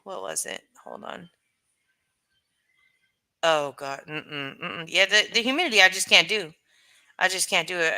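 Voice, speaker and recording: Bright-voiced woman chatting frankly on stream. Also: lowish voice, very animated, measured pace, creaky, pauses often. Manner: rambling, frank, full of "like" and "you know". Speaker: livestream host reading chat. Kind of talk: casual livestream chat.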